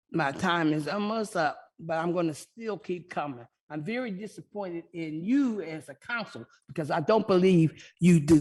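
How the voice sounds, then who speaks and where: A woman's voice: lowish voice, breathy edge. An older woman giving an impassioned, accusatory public comment at a city council meeting.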